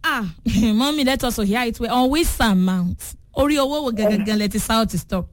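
A Nigerian woman hosting a lively call-in radio game show, switching between English and Yoruba and teasing her callers. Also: on the high side, normal speed, dry recording, clean studio sound. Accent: Nigerian, Yoruba-speaking.

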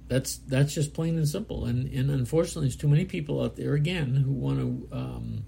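A male preacher reads scripture aloud and breaks off to explain it in a casual, halting way. His voice is heavily gravelly with a warm, mellow tone, and there is a faint hiss behind him. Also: mid-range voice. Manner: casual, halting explanation with fillers between readings. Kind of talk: Bible study sermon, reading scripture and commenting.

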